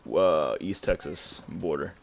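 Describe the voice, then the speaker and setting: A man's voice: a bass voice, unhurried, highs cut off, a little hiss or hum. A man from Louisiana hosting a game stream, asking laid-back questions and relaying chat. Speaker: streamer host.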